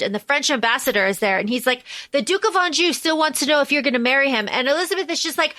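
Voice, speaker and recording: Bright, high-voiced woman recapping a film. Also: quick pace, few pauses, dry recording. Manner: animated, swearing, acts out lines in raised voices. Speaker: podcast co-host recapping a film. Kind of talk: casual chat.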